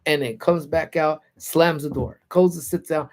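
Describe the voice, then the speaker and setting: A man hosting a casual livestream, telling stories in an animated, laid-back way with lots of slang, from a parked car. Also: a little high, normal speed. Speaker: livestream host. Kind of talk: casual storytelling.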